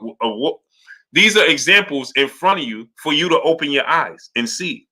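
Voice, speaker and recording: A man hosting a live boxing talk stream, reading out super chats and arguing his point with repeated "right?" checks. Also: a little high. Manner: animated, repetitive, asks "right?" often.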